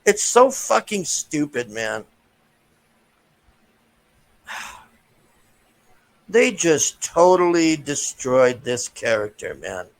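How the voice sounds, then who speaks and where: Brief: unhurried, frustrated male film reviewer with a higher voice and a profane vlog rant. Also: gravelly, rough recording. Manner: profane, frustrated, many restarts. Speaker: movie reviewer.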